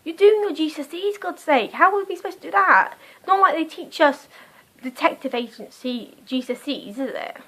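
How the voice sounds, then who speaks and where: A woman's voice: high voice, lively intonation, moderate pace, pushed and bright, low-quality recording. A young British woman with a British accent, chatting casually through a book review vlog recorded on a phone, rambling and cutting herself off. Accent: British English. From Britain. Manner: chatty, rambling, self-interrupting. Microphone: phone camera.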